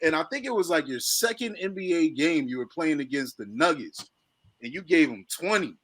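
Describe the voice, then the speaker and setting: A man's voice: fairly high pitch, expressive, moderate pace. A man hosting a casual sports podcast, asking rambling questions as an eager fan. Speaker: podcast host.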